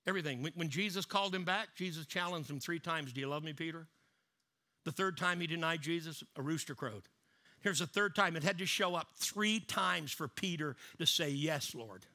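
A man preaching a sermon, swinging from loud emphatic lines down to low, hushed ones. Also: normal speed. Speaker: pastor.

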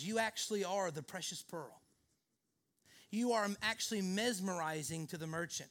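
Earnest high-voiced male pastor preaching. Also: moderate pace, fairly bright tone. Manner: earnest, leans on the word "actually". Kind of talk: sermon.

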